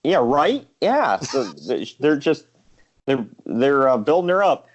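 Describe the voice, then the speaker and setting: A man's voice: mid-range voice, big pitch swings, takes it slowly, dull audio. A man co-hosting a casual wrestling podcast, ranting and joking and quoting people in mocking voices. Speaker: podcast co-host.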